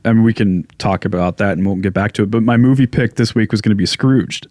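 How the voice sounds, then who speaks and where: A man's voice: fairly low pitch, steady tone, fast, darkish tone, no room sound, clean studio sound. A young man with a stuffed-up nose, co-hosting a podcast and chatting enthusiastically. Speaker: podcast co-host. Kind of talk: casual chat. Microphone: studio podcast mic.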